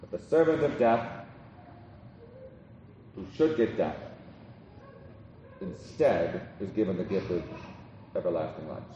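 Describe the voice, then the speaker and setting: A man's voice: low voice, big pitch swings, measured pace, long pauses, dark tone, muffled recording, a little hiss or hum. A man preaching a sermon in a conversational way, with many ums, restarts and repeated "right?". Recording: roomy hall from a distance.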